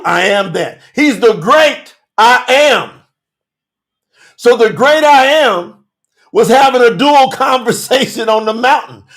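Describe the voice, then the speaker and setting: Brief: male Bible-study host, high and swooping voice, slow deliberate emphatic preaching, slangy. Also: fairly bright tone. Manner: emphatic, preachy, rhetorical questions; casual slangy street talk. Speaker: Bible teacher and podcast host. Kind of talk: livestreamed Bible study sermon.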